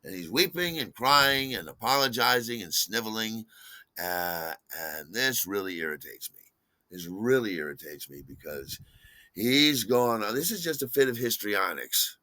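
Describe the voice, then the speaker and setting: A man's voice: lowish voice, big pitch swings, measured pace, pushed and bright, no room sound. An older man telling a personal story in a wry, conversational way. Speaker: podcast host.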